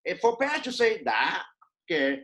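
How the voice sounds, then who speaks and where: A man with a Vietnamese accent teaching his language in a casual, animated video lesson, often laughing and repeating words as he thinks. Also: high-pitched, moderate pace.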